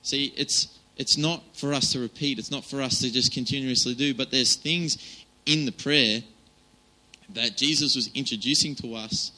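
A man's voice: mid-range voice, sharp tone, poor audio. A man giving an informal, chatty sermon, with many fillers and restarts. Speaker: preacher.

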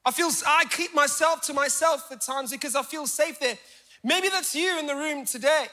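A man preaching a sermon as a pastor, swinging between fervent shouts and hushed, confessional speech. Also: very high voice, normal speed. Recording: church hall with long reverb.

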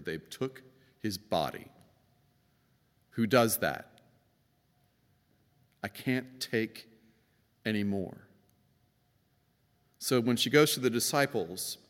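Man preaching in a reverberant church. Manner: conversational, acts out quoted voices, emphatic swings in pitch. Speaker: pastor. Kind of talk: sermon. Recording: long reverb of a church hall.

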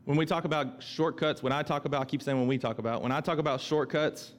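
A man's voice: on the high side, steady tone, quick pace. Conversational man preaching a sermon. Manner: conversational, repeats himself, acts out quoted voices. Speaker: pastor.

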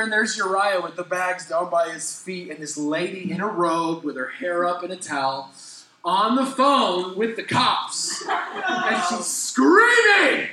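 A man's voice: sits high, moderate pace, roomy sound, noisy background. A young adult man, a pastor, telling a funny story in a sermon, acting out quotes and laughing as he goes.

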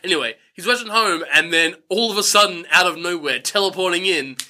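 A man's voice: sits high, fairly quick, slight background noise. A man, casually recapping a film with a co-host and slipping into silly voices for the characters. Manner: animated, putting on silly character voices for quotes. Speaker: podcast co-host. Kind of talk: casual movie recap chat.

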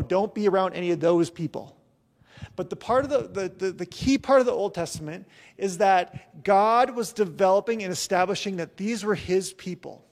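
Gravelly high-voiced man preaching. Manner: chatty storytelling with personal asides. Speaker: pastor. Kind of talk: conversational sermon.

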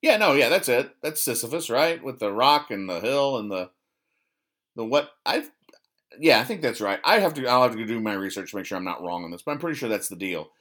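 A man hosting a podcast, recapping comic strips in a rambling, deadpan way, stumbling and correcting himself as he dryly explains each joke. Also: medium pitch, brisk. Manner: rambling, self-correcting, dry sarcastic explanations. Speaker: podcast host.

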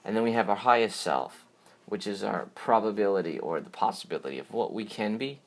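Casting: man, lowish voice, solo podcast host, loose and meandering delivery with lots of restarts. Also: a little fast. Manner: rambling, repeats words, yawns, drifts off track. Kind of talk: casual solo podcast talk.

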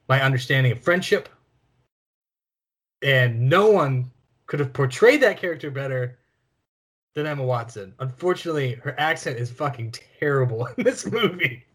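A man's voice: medium pitch, a bit bright. A man co-hosting a film podcast, talking casually with blunt, sarcastic, profane remarks. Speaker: podcast co-host.

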